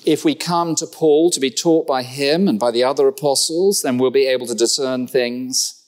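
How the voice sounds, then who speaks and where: A man preaching a sermon in a church, animated and humorous, firing rhetorical questions at his listeners. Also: medium pitch, normal speed.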